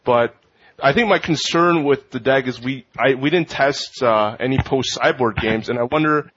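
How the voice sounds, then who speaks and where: A man's voice: mid-range voice, normal speed, fairly bright tone, slight background noise. A man co-hosting a podcast, explaining in a hesitant way with many fillers. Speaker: podcast co-host. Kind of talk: casual chat. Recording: muffled lo-fi podcast audio.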